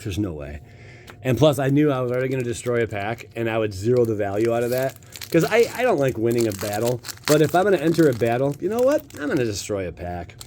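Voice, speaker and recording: A man's voice: medium pitch, darkish tone, slight background noise. An American man hosting a casual pack-opening video, joking and talking straight to his viewers. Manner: playful, jokey, talks to viewers. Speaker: channel host opening card packs.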